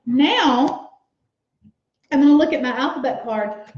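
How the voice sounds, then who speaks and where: A high-voiced woman teaches young children to write, sounding out each letter slowly and cheering them on. The room around her echoes, and the sound is a little dull. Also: animated. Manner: slow, sounds out letters and words aloud; encouraging.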